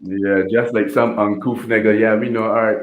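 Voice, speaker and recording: Low-voiced indignant man, echoey room. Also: flat delivery, moderate pace, phone-quality sound. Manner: indignant, lecturing. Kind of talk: heated casual argument. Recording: echoey room with faint noise.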